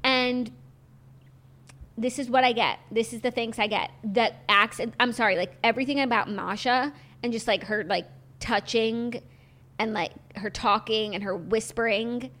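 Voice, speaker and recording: A young woman co-hosting a chatty podcast, with a voice pitched a little high. She talks in an animated, exasperated way, full of "like" fillers. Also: normal speed. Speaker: podcast co-host. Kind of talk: casual chat.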